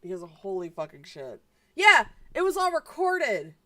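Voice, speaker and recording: A woman's voice: on the high side, huge pitch swings, normal speed, sharp tone, dry recording, studio quality. A woman streamer giving casual reaction commentary, exasperated and profane, sighing often.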